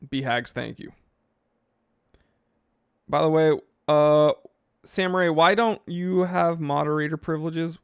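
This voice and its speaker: A man's voice: fairly high pitch, unhurried, vocal fry, long pauses, clear, resonant tone, no echo. A man hosting a live stream, casually reading viewer comments aloud and rambling offhand about them. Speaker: watch channel host reading live chat.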